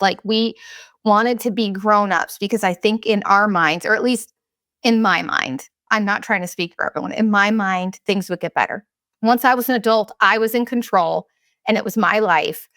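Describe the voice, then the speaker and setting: A woman in her thirties talks straight into the mic, blunt and unfiltered, swearing freely as she opens up about personal matters. Her voice sits at a middle pitch, and the sound is dry and close with no room around it. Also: fairly bright tone, dry recording. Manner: blunt, profane, confessional. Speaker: podcast host. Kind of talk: candid casual monologue.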